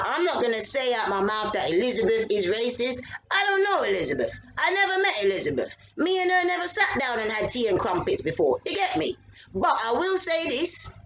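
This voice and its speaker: A woman's voice: high-pitched, poor audio. A woman, chatting to camera in a casual, rambling vlog. She swears freely, wanders off topic and sounds a little tired. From England. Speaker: vlogger.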